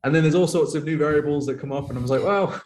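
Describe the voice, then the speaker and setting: A man's voice: fairly high pitch, fairly even intonation, darkish tone. A man, a poker coach speaking as a podcast guest in casual conversation, acting out other people's lines as quotes. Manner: fast-talking, acts out others' lines in quoted voices. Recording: roomy echo.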